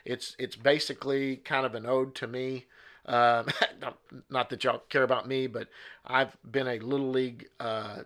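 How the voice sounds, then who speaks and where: A man's voice: mid-range voice, a bit bright. A middle-aged man, hosting a sports talk show in a folksy, rambling monologue. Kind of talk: casual spoken monologue.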